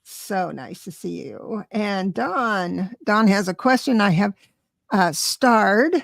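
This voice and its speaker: A woman's voice: mid-range voice, animated, takes it slowly, vocal fry, no room sound, studio quality. A woman hosting a live stream, chatting casually and greeting viewers by name. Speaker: livestream host.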